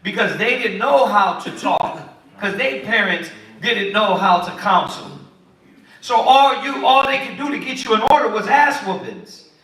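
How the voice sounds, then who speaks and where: A man teaching the Bible in a lively, preachy way, acting out what kids and parents say. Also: high voice, a little slow. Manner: animated, preachy, acts out quotes of kids and parents. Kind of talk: sermon-style teaching. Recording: echoey room, far from the mic.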